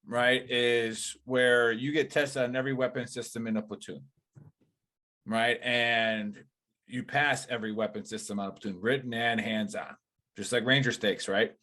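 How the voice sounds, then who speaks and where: A man's voice: medium pitch, little pitch movement, normal speed, pushed and bright. A man hosting a casual veterans' podcast, talking in a rambling, profane way with many fillers and restarts. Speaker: podcast host.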